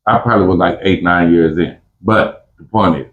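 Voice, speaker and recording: A man's voice: low voice, normal speed, narrow, tinny audio. A man telling prison stories in casual talk, full of street slang and restarts, who acts out both sides of a fight in a raised voice. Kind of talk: casual storytelling.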